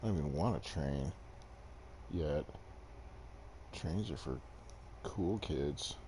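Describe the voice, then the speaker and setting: Very deep-voiced, unhurried male streamer. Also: warm tone, slight background noise. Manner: rambling, self-deprecating, chats with viewers. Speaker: game streamer. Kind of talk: casual live-stream gameplay commentary. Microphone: desk microphone.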